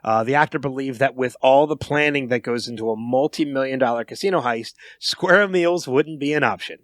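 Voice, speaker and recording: A man co-hosting a film podcast, talking casually as he patiently spells things out for the listeners. His voice sits at an everyday middle pitch. The sound is dry, with no room around it. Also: fairly quick, no echo. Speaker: podcast co-host. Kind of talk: casual film review chat.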